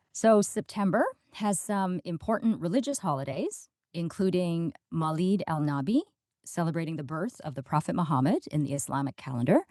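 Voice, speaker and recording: Lively, low-pitched woman podcast co-host. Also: dry recording. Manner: playful, laughs often. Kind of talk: scripted podcast intro and banter.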